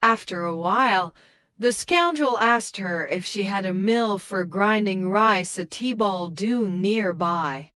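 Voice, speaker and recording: Female folktale narrator, slow and careful, dry close-mic sound. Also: mid-range voice, a bit bright, no echo, soft background music.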